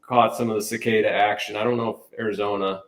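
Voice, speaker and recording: A low-voiced man chats as a podcast guest, rambling and upbeat, often restarting his sentences. His voice comes over a remote line from a roomy space, a little away from the microphone. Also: level tone, fast. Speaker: podcast guest, brand manager. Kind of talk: casual interview chat. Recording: roomy, distant mic.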